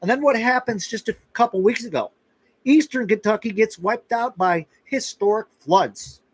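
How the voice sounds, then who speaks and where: A middle-aged man hosts a casual live chat, his voice pitched slightly higher than most men's. He rambles along conversationally, doubling back with restarts and little asides. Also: moderate pace, breathy edge, no echo, low-quality recording. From Florida. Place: rural outpost in western Kentucky.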